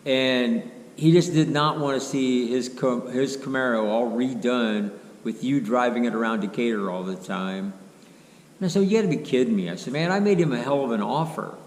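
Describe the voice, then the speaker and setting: A man's voice: mid-range voice, normal speed. A middle-aged man, telling a long rambling story in a casual, folksy way and quoting what others said. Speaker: car restoration vlogger. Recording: roomy echo, faint background hum.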